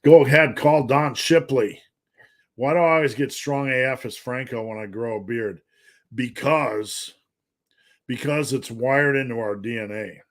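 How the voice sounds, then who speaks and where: A man's voice: medium pitch, unhurried. Man coaching on a live-stream Q&A. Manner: jokey, loose and rambling, reads viewer names aloud. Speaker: fitness coach answering live chat questions.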